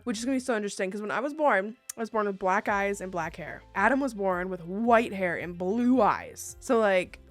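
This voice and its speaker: A woman in her thirties chatting casually as a vlogger, telling stories in a bubbly, animated way with excited outbursts. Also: mid-range voice. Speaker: YouTuber answering viewer questions. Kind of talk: casual chat.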